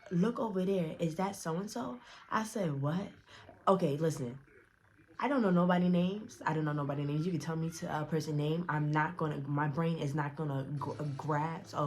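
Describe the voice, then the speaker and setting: Blunt, animated young woman telling a story. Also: low voice, a little hiss or hum. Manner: blunt, profane, animated with frequent restarts. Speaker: storyteller vlogger. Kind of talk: casual storytime.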